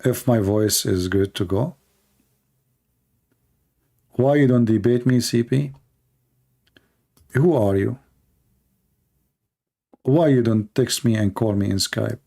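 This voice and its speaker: A livestream debate host rants casually over a long stream, mocking and sarcastic, acting out the people he opposes. His voice is lowish, slow, creaky, and mellow, with frequent pauses.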